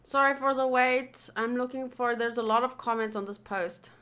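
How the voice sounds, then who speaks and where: A woman's voice: on the high side, steady tone, moderate pace, a bit bright. A woman streamer talking casually and rambling, swearing freely as she chats to viewers. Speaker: anime reaction streamer. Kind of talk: casual livestream chat.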